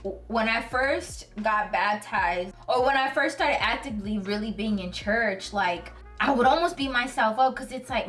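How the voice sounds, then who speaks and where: A woman's voice: mid-range voice, moderate pace. Woman vlogger, casual slangy Bible talk, earnest and emotional, distant mic, faint music under. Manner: animated, slangy storytelling. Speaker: Christian video host.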